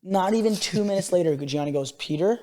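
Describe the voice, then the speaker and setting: A man's voice: high voice, expressive, fast, darkish tone, big-room sound. A man co-hosting a podcast, telling stories animatedly and swearing freely in casual chat. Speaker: podcast co-host.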